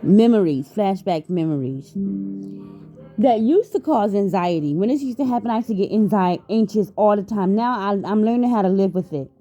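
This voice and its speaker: A woman's voice: medium pitch, lively intonation, normal speed, dark tone, lo-fi sound, faint music behind. A woman vlogger talking candidly and emotionally about her own life, swearing freely and often restarting her sentences. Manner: raw, emotional, profane, with frequent restarts. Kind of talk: candid personal vlog talk.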